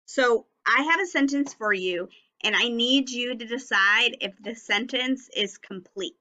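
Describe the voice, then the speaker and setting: Slow, bright-voiced woman teaching phonics. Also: on the high side. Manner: slow, clear, encouraging teacher talk to young children. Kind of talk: early-grade phonics video lesson. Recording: slightly dull lo-fi audio.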